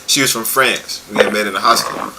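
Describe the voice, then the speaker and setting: A man's voice: lowish voice, fast talker, heavy background noise. A man hosting a casual panel chat over a video call, telling stories and laughing often. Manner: animated storyteller, laughs often. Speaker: panel host.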